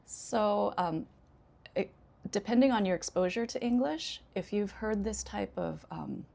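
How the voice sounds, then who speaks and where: Husky-voiced American woman teaching English. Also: mid-range voice, lively intonation, mellow. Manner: unhurried, many 'um' pauses, demonstrates intonation examples. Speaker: ESL teacher. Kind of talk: casual instructional talk.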